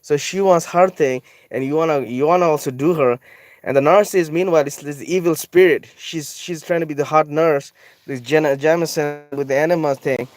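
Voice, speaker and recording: A man's voice: fairly high pitch, a little fast, no room sound. A man casually describing his own drawing, rambling and swearing often, with frequent laughs and trailing thoughts.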